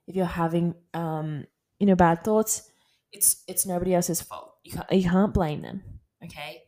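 A woman's voice: on the low side, measured pace, mellow. Candid chatty Australian woman in her twenties. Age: 20s. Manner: candid and chatty, with frequent fillers and laughs. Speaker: podcast host. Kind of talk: casual personal talk.

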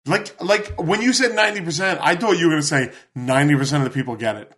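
A man in his forties on a casual podcast, swearing freely and ranting bluntly. He speaks a little higher than most men, and his voice jumps up when he gets heated. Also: quick pace, fairly bright tone. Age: 40s. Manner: profane, blunt and ranting, voice climbing when worked up. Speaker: podcast co-host. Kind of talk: casual chat.

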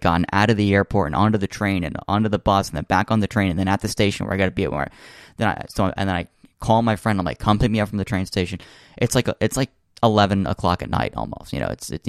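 A man's voice: sits low, dry recording, studio quality. A young man casually telling a long funny story, full of fillers and restarts. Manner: rambling, many fillers and restarts, laughs while telling. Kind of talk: casual chat.

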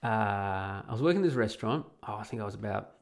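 A podcast host from Perth, Australia, records from home, telling a story in a blunt, crude, rambling monologue full of restarts. He talks fast with a gravelly voice that sits on the low side, and his intonation is lively.

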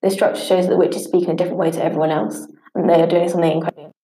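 A woman reading a scripted study lesson at a steady pace, sometimes stumbling and restarting on harder words. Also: on the low side, racing. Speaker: teacher. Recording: echoey room.

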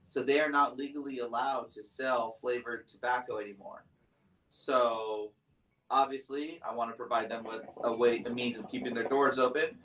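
A man's voice: mid-range voice, fairly even intonation, normal speed, fairly bright tone. A man calling in to a podcast from a tobacco shop, chatty and rambling as he talks casually. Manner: chatty, rambling, laughs easily. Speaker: guest, product maker. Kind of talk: casual roundtable chat. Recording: roomy, distant from mic.

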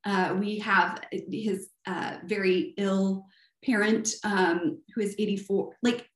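A middle-aged woman life coach with a Southern US accent gives an earnest motivational talk, asking rhetorical questions and often adding "right?". Her high-pitched voice is fairly even in intonation and slow, recorded in an echoey room.

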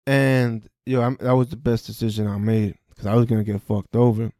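Profane, animated man with a mellow voice. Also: medium pitch, brisk, no room sound, studio quality. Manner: profane, animated, re-enacts dialogue. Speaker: podcast host. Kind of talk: casual storytelling monologue.

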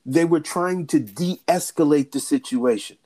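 A man's voice: fairly high pitch, a little slow, mellow. A male legal and political analyst in a frank talk-show discussion. He argues emphatically, stacking rhetorical questions one after another and checking in with the listener. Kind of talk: candid discussion.

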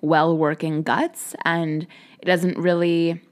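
A woman's voice: lowish voice, level tone, slow. A young woman hosting a podcast, chatting casually in a sing-songy, talkative way full of "like". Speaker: podcast host.

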